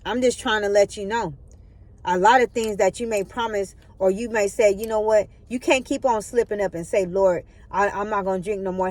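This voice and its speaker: Woman, spiritual vlogger on her phone; earnest, preachy, checks in with viewers a lot. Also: mid-range voice. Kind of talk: spiritual motivational talk.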